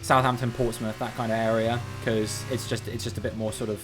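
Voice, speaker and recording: Here the Cornwall game streamer's voice is on the low side and level in tone, brisk, and heard over music. He chats loosely on his livestream in a general Southern English accent, musing aloud with frequent restarts.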